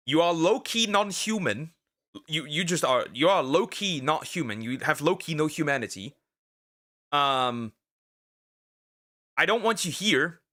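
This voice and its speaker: With a bright, forceful tone in a mid-range voice, a man streaming as a vtuber gives blunt, ranting react commentary. His casual speech rambles and stalls, full of restarts and fillers.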